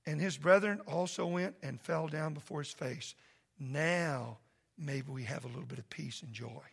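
A man who is a pastor preaching a sermon in a church, impassioned and loud at first, then soft and pleading. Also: fairly high pitch, moderate pace, gravelly, husky. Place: church sanctuary.

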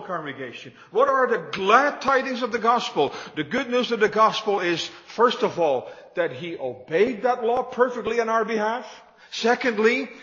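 A man's voice: high-pitched, fairly bright tone, big-room sound, dull audio. A man preaching a sermon to his congregation, emphatic and repetitive, building his points with rising emphasis. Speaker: pastor.

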